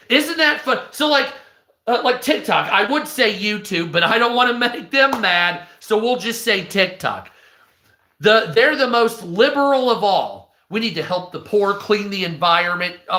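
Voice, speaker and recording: A man's voice: sits high, reverberant. A man giving casual, profane ranting commentary as a podcast host, often acting out the voices of the people he describes. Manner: profane, animated, acts out quoted voices.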